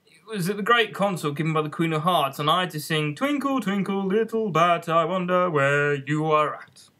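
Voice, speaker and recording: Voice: medium pitch, fast, bright, forceful tone, close to an everyday voice. A reader voicing the Hatter, a rude, quarrelsome man who grumbles and talks down to others, in an amateur audiobook. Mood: grumbling. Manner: grumbling and contemptuous.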